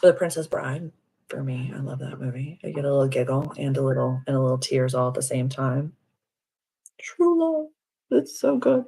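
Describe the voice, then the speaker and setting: A woman's voice: rumbling low, little pitch movement, brisk, gravelly, mellow, slightly rough. A woman hosting a casual live stream as a spiritual healer, gushing and affirming as she answers viewer comments. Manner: soothing, affirming.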